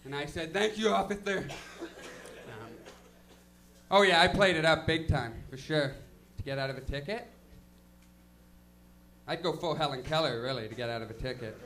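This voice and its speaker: Young stand-up guy, high and bright, rambling self-deprecating delivery on a stage mic. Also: animated, normal speed, pauses often. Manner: self-deprecating, loose, filler-heavy delivery. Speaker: stand-up comedian. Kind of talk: stand-up comedy set. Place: comedy lounge stage.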